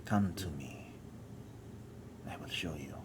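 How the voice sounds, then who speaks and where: A man's voice: a bass voice, background noise. Man whispering as an ancient ominous forest spirit. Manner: slow solemn villainous monologue. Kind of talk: whispered role-play.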